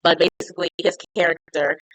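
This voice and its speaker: A woman's voice: on the low side, fairly even intonation, fairly quick, a bit bright, no room sound, poor audio. Chatty woman recapping a show. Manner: chatty, retells scenes with lots of "like". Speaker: TV recap reviewer. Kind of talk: casual recap chat.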